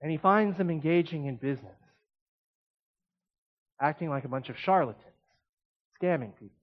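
A man preaching a sermon in an animated, conversational way, with emphatic asides. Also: a little high, normal speed, highs cut off.

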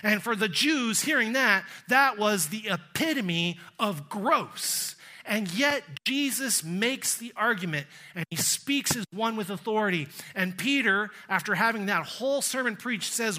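A middle-aged man with a Texan accent preaching a sermon, telling a travel story with quoted voices and slowing down to stress key words. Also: sits high, lively intonation, pushed and bright. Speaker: pastor.

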